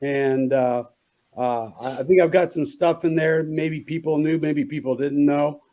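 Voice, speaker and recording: Hoarse-voiced man on sports radio. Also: a little high, steady tone, unhurried, dark tone. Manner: opinionated, many restarts. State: hoarse morning voice. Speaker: sports columnist guest.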